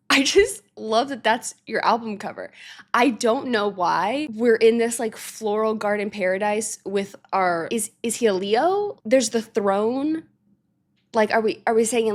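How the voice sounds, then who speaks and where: A woman hosting a music reaction, chatting casually and animatedly, laughing often and now and then cooing softly at her cat. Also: on the high side. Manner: drops to soft baby talk with her cat. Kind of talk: casual chat.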